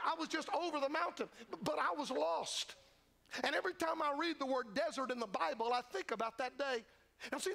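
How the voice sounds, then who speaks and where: High, gravelly preacher man. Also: sharp tone. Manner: fervent, repetitive preaching cadence. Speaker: revival preacher. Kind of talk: sermon. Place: church sanctuary.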